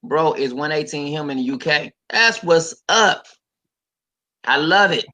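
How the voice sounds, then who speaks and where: A man's voice: on the high side, fairly quick, bright, forceful tone, rough recording. A man preaching casually on a livestream, talking straight to his viewers, reading scripture aloud and commenting on it, with emphatic repetition.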